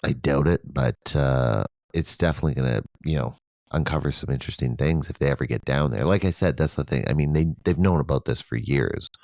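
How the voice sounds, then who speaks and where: With a very deep, gravelly, darkish voice, this adult father co-hosts a podcast at a fairly quick pace. He chats casually and rambles, swearing often and leaning on fillers. The audio is clean studio sound without echo.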